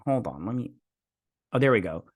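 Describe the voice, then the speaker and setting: Male vlog host, mid-pitched, hesitant self-deprecating recapper, dry recording. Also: lively intonation, moderate pace, breathy edge, dry recording. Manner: rambling, hesitant, lots of fillers and restarts. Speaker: show host reviewing a TV episode. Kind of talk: casual episode recap.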